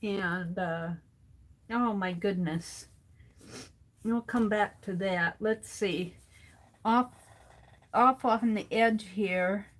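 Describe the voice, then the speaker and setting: A middle-aged woman chatting casually to herself as she sketches for her art vlog, musing over what to draw next. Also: medium pitch. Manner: slow, musing, talks to herself as she draws. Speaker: art vlogger. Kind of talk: casual narration while sketching.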